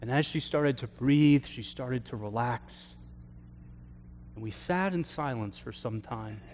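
A man, a pastor, telling a story from his counseling work in an earnest sermon, often trailing off softly at the ends of phrases. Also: mid-range voice, slight background noise. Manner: slow, earnest storytelling with soft trailing endings. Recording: long hall reverb.

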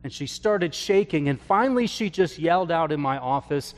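A man, a pastor, telling a story from his counseling work in an earnest sermon, often trailing off softly at the ends of phrases. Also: on the high side, expressive. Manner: slow, earnest storytelling with soft trailing endings. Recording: long hall reverb.

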